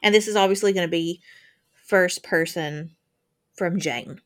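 A woman's voice: on the low side, measured pace. A woman co-hosting a podcast, reading a true crime case aloud in a casual way, with long first-person quotes and asides. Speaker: podcast co-host.

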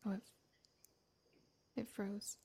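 A young adult woman co-hosting a podcast in casual chat, bubbly and quick to exclaim, who also reads out listener questions. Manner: bubbly, gasps and exclaims, easily excited. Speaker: podcast co-host.

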